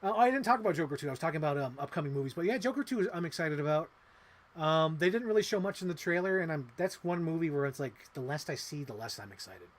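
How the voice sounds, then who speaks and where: A man in his thirties hosting a casual livestream, rambling excitedly and swearing casually. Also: fairly high pitch, quick pace. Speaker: livestream host.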